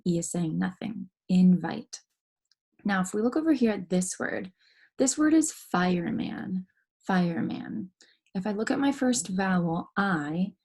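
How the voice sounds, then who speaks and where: A woman teaching a phonics lesson to young children online, patient and clear, slowly stretching out sounds and letters. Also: lowish voice, warm tone.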